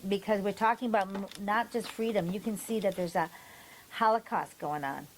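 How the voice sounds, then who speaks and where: A woman hosting a podcast, telling stories in a lively way and acting out the people she quotes. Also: mid-range voice, normal speed, a little hiss or hum, poor audio. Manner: animated storytelling, acts out quoted people. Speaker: podcast host. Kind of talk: casual podcast chat.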